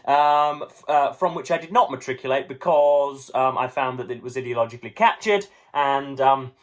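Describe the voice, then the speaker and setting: A man's voice: mid-range voice, normal speed. Wordy, mock-grand young male book vlogger. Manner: wordy, playful, mock-grand phrasing with many ums and restarts. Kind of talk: casual chat to camera.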